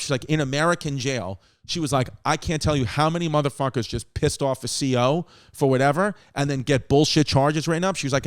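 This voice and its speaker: A man's voice: mid-range voice, smooth, dry recording, studio quality. A man hosting a comedy podcast, telling rambling stories in casual chat, acting out what friends said and swearing freely. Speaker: podcast host.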